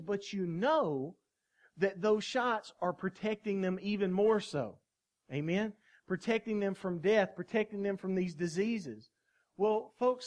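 High-voiced preaching pastor, animated. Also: male voice. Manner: animated preaching with call-and-response asides. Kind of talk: sermon.

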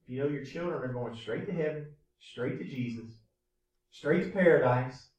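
A man's voice: medium pitch, normal speed, darkish tone, distant mic. A man preaching a sermon as pastor, with impassioned rhetorical questions. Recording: echoey room, voice from off-mic.

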